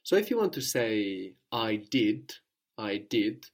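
A man's voice: fairly low pitch, sing-song, slow pace. A man teaching a language lesson, patiently prompting with questions and repeating each answer.

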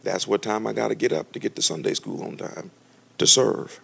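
A man's voice: fairly low pitch, fairly quick, creaky, a bit bright, breathy edge, exaggerated voice. A man voicing an older churchgoing woman who speaks plainly and courteously. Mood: polite.

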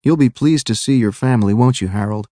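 A man voicing an older, short, gray-haired gentleman who speaks courteously and kindly. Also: mid-range voice, fairly quick, dry recording, lightly acted. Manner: courteous, friendly.

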